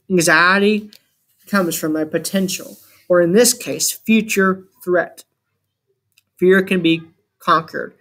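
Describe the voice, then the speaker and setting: A man reading a first-person adventure story aloud as an audiobook narrator, with measured, dramatic storytelling. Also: fairly high pitch, pushed and bright.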